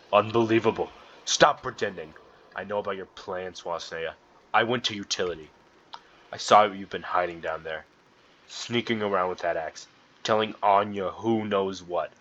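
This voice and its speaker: A man's voice: sits low, fairly bright tone, slight background noise. A man reading as a controlling young crewman. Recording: dull lo-fi sound.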